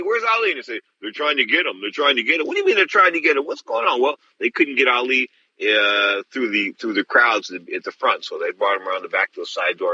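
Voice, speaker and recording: A man's voice: mid-range voice, pushed and bright, lo-fi sound, a little hiss or hum. A middle-aged man hosting a boxing radio show, telling a story with emphasis and calling his listeners folks. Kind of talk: animated radio talk.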